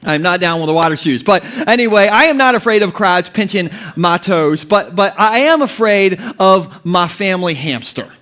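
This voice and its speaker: A man's voice: sits high, expressive, normal speed, few pauses, pushed and bright. A man in his thirties preaching a humorous sermon as pastor, telling stories with jokes and laughing often.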